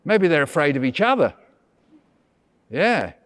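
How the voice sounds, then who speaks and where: A man visiting a hospital school classroom as a children's author, telling stories to young children in an animated, chatty and playful way. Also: fairly high pitch, a little slow, no room sound. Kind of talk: lively storytelling to young children.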